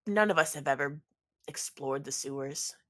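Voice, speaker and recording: A woman's voice: deep voice, normal speed, close to an everyday voice. A woman voicing a pushy, pizza-obsessed man who pleads and insists while eager to please in a tabletop game. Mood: earnest.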